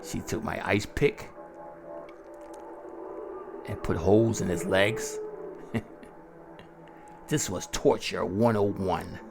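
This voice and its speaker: Gravelly, gleeful slow horror narrator. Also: male voice, deep voice, music in the background. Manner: gleeful, chuckling, slow and drawn out. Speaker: storyteller. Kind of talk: first-person horror story narration.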